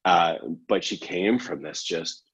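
Male host, very deep and husky, loose rambling delivery, dull lo-fi recording. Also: a little slow, a bit bright. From Canada. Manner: rambling, self-correcting, laughs often. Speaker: podcast host. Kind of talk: casual chat.

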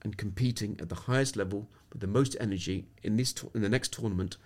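A podcast guest tells stories in this clip. He's a middle-aged sports psychologist from England whose voice is on the low side and a little mellow. His pace is quick, and his speech is reflective and anecdotal, with sentences often restarted.

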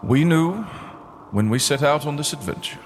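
A man's voice: a little high, animated, moderate pace, a little hiss or hum, pitched above the performer's own voice, lightly acted. A man voicing a grieving male sea captain who gives a formal, stately eulogy. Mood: mournful.

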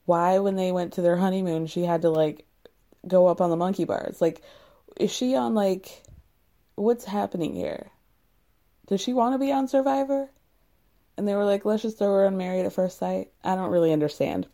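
A woman's voice: medium pitch, normal speed, warm tone, no echo, clean studio sound. A young woman recapping a reality show in casual, sarcastic chat, blunt and swearing freely.

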